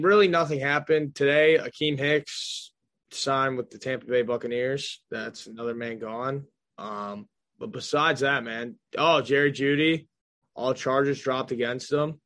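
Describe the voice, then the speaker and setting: A man's voice: mid-range voice, measured pace, a bit bright. A young man hosts a laid-back football talk show, loose and jokey, dropping casual swear words as he goes. His voice sits in an ordinary middle range. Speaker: podcast host. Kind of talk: casual sports chat.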